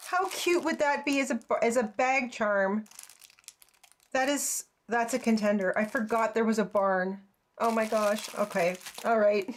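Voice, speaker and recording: A woman's voice: fairly high pitch, measured pace, a little hiss or hum. Gushing woman unboxing a craft kit. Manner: gushing, exclaims often, frequent little laughs. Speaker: crafting channel host. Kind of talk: casual unboxing chat.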